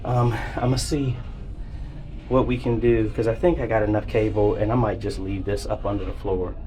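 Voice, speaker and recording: A man's voice: lowish voice, fairly even intonation, moderate pace, mellow. A man talking casually to the camera while he works, calling his viewers folks and explaining each step as he goes. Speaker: AV installer vlogging a church job. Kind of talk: casual on-the-job vlog. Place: church building under renovation, indoors. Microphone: phone camera.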